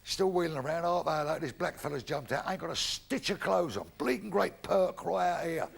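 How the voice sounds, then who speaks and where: Gravelly older comedian. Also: male voice, fairly high pitch, animated, brisk. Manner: gravelly, blunt, swears freely, acts out voices in jokes. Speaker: stand-up comedian. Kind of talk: stand-up comedy. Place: theatre stage before a live audience.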